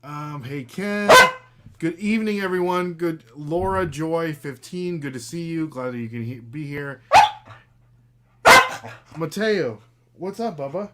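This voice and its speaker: A man's voice: a little high, takes it slowly, pauses often, background noise. A man in his thirties hosting a casual live podcast, talking loosely with lots of fillers and reading out viewer comments. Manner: loose and chatty, many fillers, talks to his dog. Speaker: podcast host.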